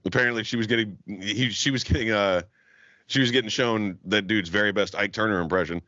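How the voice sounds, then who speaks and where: A man's voice: fairly low pitch, brisk, pushed and bright, no echo. A young man co-hosting a podcast, telling a long story in casual chat, swearing constantly and laughing often. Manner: profane, laughing, rambling storyteller. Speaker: podcast co-host. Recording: dull lo-fi sound.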